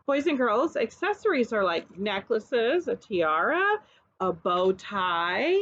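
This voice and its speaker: A woman's voice: mid-range voice, very animated, takes it slowly, a bit bright, muffled recording. A woman preschool teacher reading a picture book aloud and coaxing children to repeat words after her.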